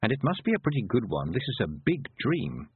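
A man voicing a sharp-witted, determined young witch girl who speaks in a brisk, practical way, a little higher than his own voice. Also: wildly swooping pitch, husky, no room sound, exaggerated voice. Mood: musing. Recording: tinny phone-like dry recording.

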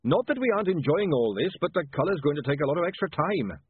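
Casting: reader doing a dry, polite dwarf foreman, husky, tinny lo-fi sound. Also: on the high side, sing-song, quick pace, pitched above the performer's own voice, full character voice. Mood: politely dry. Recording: tinny dry lo-fi audiobook recording.

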